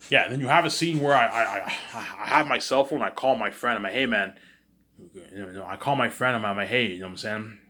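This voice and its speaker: A man's voice: lowish voice, brisk, pushed and bright. Rambling man acting out a story. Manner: acts out every character, keeps saying "you know what I'm saying".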